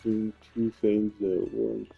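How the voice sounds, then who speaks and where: A man talks slowly and haltingly over his gameplay, in a deep, gravelly voice. His sound is dull and lo-fi, with faint game music underneath. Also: little pitch movement. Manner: rambling, hesitant, with many fillers. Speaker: gamer streamer. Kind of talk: casual let's-play commentary.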